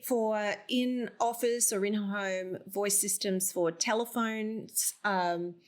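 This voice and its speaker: An Australian woman, a voiceover artist, chatting as an interview guest and telling lively stories with frequent laughs. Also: mid-range voice, slow pace. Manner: animated storyteller, laughs often. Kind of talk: casual interview chat.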